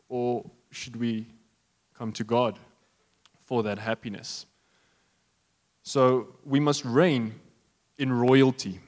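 A man's voice: mid-range voice, long reverb tail. A man preaching a sermon as pastor, joking and talking straight to his congregation.

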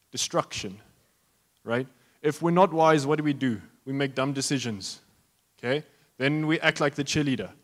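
A man's voice: medium pitch, in a large hall. A man preaching a sermon as pastor, joking and talking straight to his congregation.

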